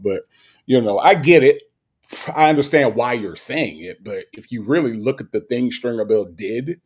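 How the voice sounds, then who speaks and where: A man's voice: mid-range voice, animated, moderate pace, a little mellow, slightly rough. A man co-hosting a podcast in casual chat, making his case emphatically and hammering the same point again and again. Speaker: podcast co-host.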